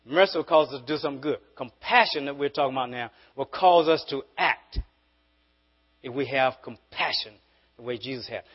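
A man preaching a sermon as pastor, emphatic and repetitive, swinging from forceful peaks to quiet asides. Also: medium pitch, fairly quick, slightly rough, muffled recording. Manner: repeats words when building a point.

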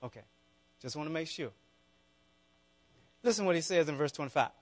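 A man's voice: a little high, expressive, fairly quick, long pauses. Southern man preaching a fervent sermon. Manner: preaches with rising, fervent calls and asides to the congregation. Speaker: pastor.

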